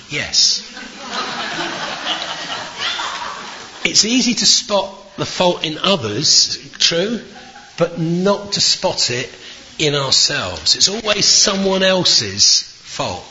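A man's voice: a little high, big pitch swings, slow pace, noisy background. A middle-aged man preaching a sermon, reading scripture and telling stories, stretching out key words for emphasis. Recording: dull lo-fi sound.

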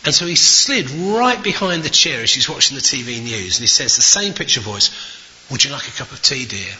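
A middle-aged man preaching a sermon with a very bright, ringing voice and a pitch that swings up and down. He draws out key words slowly for weight. The recording sounds dull and lo-fi. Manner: expressive, drawn-out emphasis on key words.

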